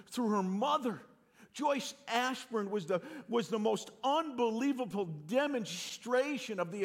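Animated high-pitched Northeastern US preacher. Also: male voice. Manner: animated, self-deprecating storytelling with many restarts. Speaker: pastor. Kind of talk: sermon.

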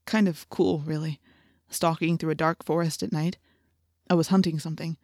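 A woman voicing an earnest, friendly teenage boy who talks quietly and confidingly in an audiobook. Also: low-pitched, steady tone, normal speed, no echo, studio quality.

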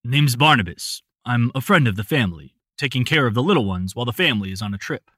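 A man voicing a polite, measured family friend in a storybook reading. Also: mid-range voice, lively intonation, a bit bright, no echo, studio quality. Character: steady male family friend, Barnabas.

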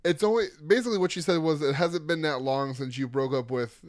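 A man co-hosting a podcast, relaxed and chatty, retelling scenes with chuckles. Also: a little high, fairly quick, dry recording, clean studio sound. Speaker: podcast co-host. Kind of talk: casual chat about a reality show.

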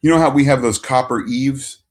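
A man co-hosting a casual podcast, recapping an episode scene by scene. His voice sits at an ordinary middle pitch, relaxed and chatty. He talks from home. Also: normal speed. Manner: animated recapping, acts out quotes. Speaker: podcast co-host. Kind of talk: casual chat.

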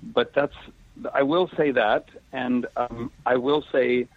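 A man with a husky voice speaks as a guest over a tinny, phone-like line. He chats casually and picks his words with care, dodging spoilers. The sound is dry and close. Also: medium pitch, steady tone, no echo. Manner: careful and measured, avoids spoilers. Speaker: actor guest. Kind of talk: casual interview chat.

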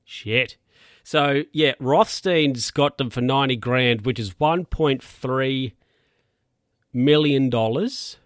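Bloke, mid-pitched, dry close sound, loose rambling recap delivery, swears freely. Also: male voice, takes it slowly, no room sound. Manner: rambling, sweary, chuckles often. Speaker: show recapper. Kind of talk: casual spoken TV recap.

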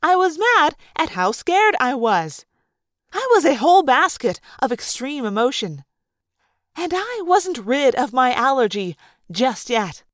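A woman narrating a novel aloud in first person with expressive storytelling. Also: high voice, measured pace, no room sound, studio quality. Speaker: audiobook reader.

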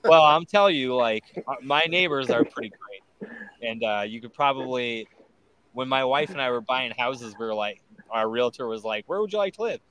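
A man, a podcast guest, talking in an animated way outdoors in a yard, swearing freely and saying "like" a lot. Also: medium pitch, moderate pace, slight background noise, rough recording. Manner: animated, heavy swearing, lots of "like". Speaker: guest musician. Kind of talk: casual podcast chat.

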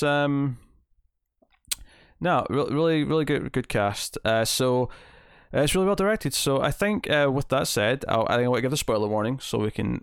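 A man's voice: fairly low pitch, vocal fry, clear, resonant tone, no room sound, studio quality. A man hosting a podcast, talking through a film in casual chat with lots of restarts and fillers. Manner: rambling, many restarts and fillers. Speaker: podcast host. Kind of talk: casual movie review chat.

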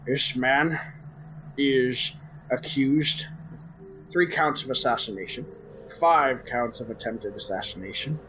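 A man's voice: medium pitch, slow pace, long pauses, a bit bright, slight background noise, rough recording. A man doing a showy executioner. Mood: proclaiming. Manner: theatrical, proclaiming to a crowd. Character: grandstanding male executioner at a public hanging.

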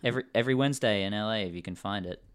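A man's voice: lowish voice, racing, smooth. A man in his thirties from Australia hosting a podcast, chatting casually and rambling through stories. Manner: rambling, self-aware storyteller. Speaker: podcast host. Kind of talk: casual chat. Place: Vancouver.

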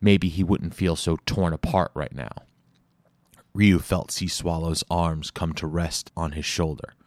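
A man reads an audiobook chapter with steady, measured storytelling. His voice is low and deep. The sound is close and dry, with no room echo. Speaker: audiobook narrator. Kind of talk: scripted narration.

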